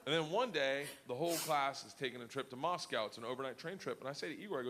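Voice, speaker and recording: A man doing stand-up, telling a wild story loudly and laughing through his punchlines. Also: mid-range voice, quick pace, slight background noise. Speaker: stand-up comedian.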